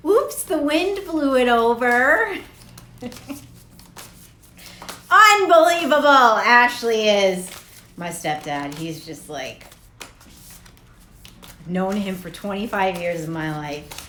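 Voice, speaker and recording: A woman's voice: medium pitch, bright, forceful tone, reverberant, slight background noise. A woman doing a casual tarot reading vlog, talking in a rambling, profane and laughing way. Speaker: tarot reader.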